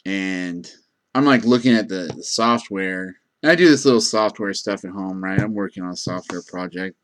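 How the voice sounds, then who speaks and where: His voice sits low but has a fairly bright tone, and he speaks at normal speed. A gas station clerk, he tells rambling, casual tales that are thick with fillers and restarts.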